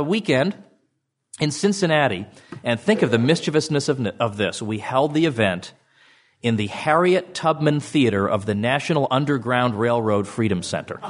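A middle-aged man giving a speech to an audience as an author, with a sardonic, mocking tone and sudden jumps in pitch. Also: lively intonation, normal speed.

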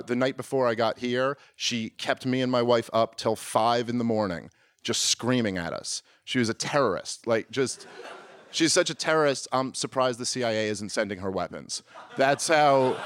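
In a dry recording, a man in his thirties does stand-up with a medium-pitched, fairly bright voice. He rambles, pokes fun at himself, keeps restarting his sentences and plays out small back-and-forths.

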